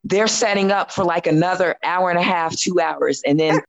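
A woman in her fifties, a podcast guest telling a long story in casual chat, animated and laughing often as she acts out what she said. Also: fairly low pitch, normal speed, over a noisy crowd, rough recording.

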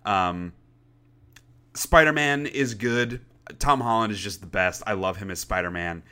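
A young man co-hosting a podcast, talking in a rambling, animated way and swearing casually. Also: lowish voice, measured pace, clean tone. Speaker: podcast co-host. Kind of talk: casual chat.

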